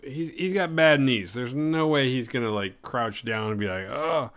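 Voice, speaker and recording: A man's voice: medium pitch, normal speed, fairly bright tone, smooth. A man hosting a horror movie podcast, retelling the plot in a rambling, jokey way with crude humor. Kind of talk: casual film recap.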